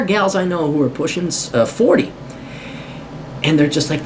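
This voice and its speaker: A man's voice: fairly high pitch, lively intonation, normal speed, long pauses, a little hiss or hum. A man giving a blunt, unscripted opinion monologue as a video commentator. He curses, sounds sarcastic and dismissive, and often stammers and restarts mid-sentence. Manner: blunt and combative, with frequent cursing.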